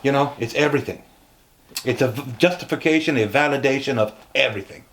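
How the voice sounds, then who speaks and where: A man from Mexico, a retired wrestler and interview guest, speaking deliberately and referring to himself in the third person. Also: mid-range voice, a bit bright. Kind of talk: casual interview chat.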